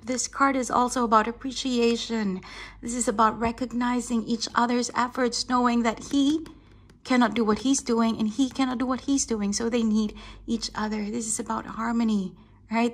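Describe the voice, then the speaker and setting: A woman giving a tarot reading straight to the viewer, reassuring and affectionate, calling them darling, asking "right?" often and laughing between points. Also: a little high. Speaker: tarot reader.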